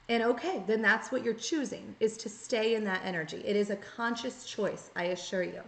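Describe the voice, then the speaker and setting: A woman's voice: fairly high pitch, animated, brisk, hardly any pauses. A woman giving a tarot reading, talking straight to her viewers in an earnest, coaching way and acting out the thoughts she quotes. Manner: earnest, coaching, acts out quoted inner voices. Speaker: tarot reader. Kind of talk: direct-to-camera tarot reading. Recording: echoey room, faint noise.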